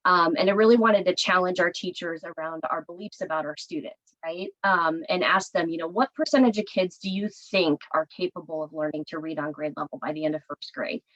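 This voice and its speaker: A woman with a slightly low voice speaks on a video-call panel as a district administrator. She talks earnestly, with frequent pauses and fillers. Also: fairly bright tone, highs cut off. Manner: earnest, many "um"s, gets emotional.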